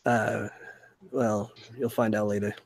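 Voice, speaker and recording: Man voicing a hesitant young jailer, low-ish, evasive, dry mic. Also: level tone, takes it slowly, vocal fry, dry recording, heavily acted.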